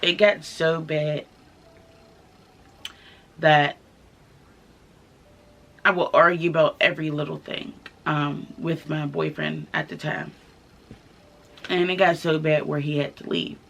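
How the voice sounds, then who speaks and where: Gravelly young woman, candid and halting. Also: deep voice, a bit bright. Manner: candid, halting, many fillers. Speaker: vlogger. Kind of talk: casual storytime vlog. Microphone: camera mic, filming herself.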